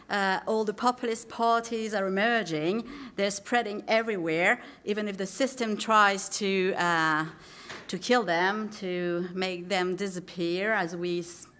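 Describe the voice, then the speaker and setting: A woman's voice: medium pitch, a bit bright, slight background noise. A woman with a French accent, a native French speaker giving a conference panel speech in English, hesitant and full of fillers as she searches for words. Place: conference hall.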